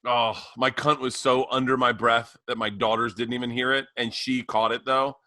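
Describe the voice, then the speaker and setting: A man's voice: mid-range voice, flat delivery, normal speed, bright, forceful tone, dry recording. A man co-hosting a podcast, telling stories in casual chat, emphatic and profane. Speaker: podcast co-host.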